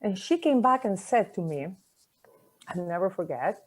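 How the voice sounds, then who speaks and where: A woman whose first language is not English, giving a personal talk, reflective and conversational, with pauses and soft endings. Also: mid-range voice, very animated. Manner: conversational fillers like "like" and "you know".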